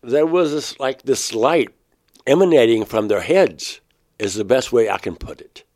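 Speaking at medium pitch with a darkish tone, a painter shares a strange personal experience in an interview. He keeps stopping and restarting mid-phrase, and when quoting himself his voice rises sharply.

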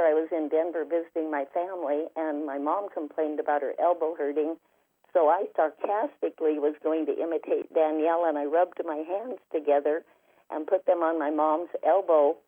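Woman telling her story over a tinny phone line. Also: sits low. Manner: vivid, detailed first-person storytelling. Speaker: guest, spiritual healer and author. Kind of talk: storytelling in an interview. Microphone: telephone.

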